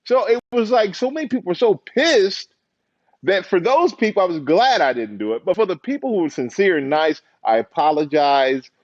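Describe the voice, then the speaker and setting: Guy on an interview couch telling stories, lively, does little voices for people, dry dullish sound. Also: sits high, normal speed, dry recording, lo-fi sound. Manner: animated storyteller, acts out quoted voices, laughs. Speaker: interview guest, former football player and TV host. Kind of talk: casual interview chat.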